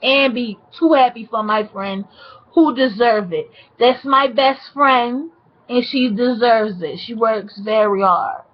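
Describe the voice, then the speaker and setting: A woman telling a casual story in a sassy, animated way, with drawn-out asides. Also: on the high side, muffled recording. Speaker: vlogger.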